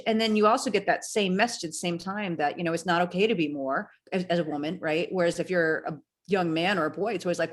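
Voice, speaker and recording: A woman in her fifties from the United States, a guest author speaking in an earnest, reflective way and quick to laugh. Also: on the low side. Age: 50s. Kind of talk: bookstore author conversation.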